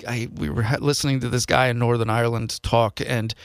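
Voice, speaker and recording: Gravelly-voiced man telling his story. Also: medium pitch, steady tone, fairly quick, dry recording, clean studio sound. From Seattle, USA. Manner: earnest, confessional, voices his past thoughts as quotes. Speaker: podcast host. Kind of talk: personal storytelling monologue.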